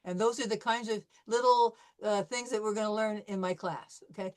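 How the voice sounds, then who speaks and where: A woman's voice: medium pitch, steady tone, moderate pace. A woman teaching French in a class lecture, explaining patiently and often checking in with "okay?". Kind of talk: online language class lecture.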